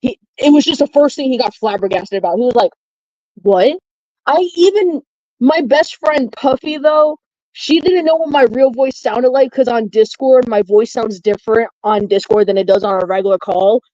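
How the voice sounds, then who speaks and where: A woman's voice: on the high side, moderate pace, darkish tone, dry recording, highs cut off. A woman telling stories in casual chat, rambling and full of fillers. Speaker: chat participant.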